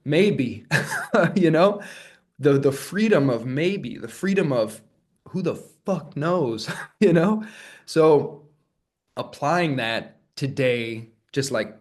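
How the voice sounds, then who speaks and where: A man talking alone in a reflective solo monologue, musing and searching, often restarting phrases and breaking into soft laughs. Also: mid-range voice. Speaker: vlogger.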